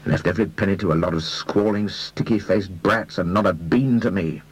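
A man voicing an irritable young man in debt in an audiobook, agitated and blustering, with a husky tone. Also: low-pitched, normal speed, no room sound, poor audio. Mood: bitter. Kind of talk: audiobook character voice.

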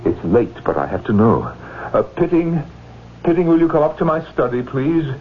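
An actor playing an anxious, haunted professor in a radio drama, hesitant and stammering. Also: male voice, mid-range voice, sing-song, moderate pace, lightly acted. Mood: agitated. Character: anxious, haunted middle-aged male professor. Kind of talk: 1960s radio drama acting. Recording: tinny phone-like old radio audio with faint noise.

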